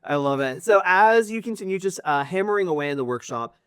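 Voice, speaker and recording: A man narrating a tabletop game as game master, describing scenes in a measured, descriptive way. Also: high voice, lively intonation, fairly bright tone, clean tone, no echo, studio quality.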